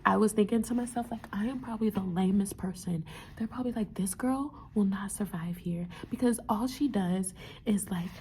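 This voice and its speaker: A young woman, a medical student, talking earnestly in a motivational vlog, often repeating herself and dropping into soft whispers. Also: a little high, a little hiss or hum. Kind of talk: heartfelt motivational vlog talk.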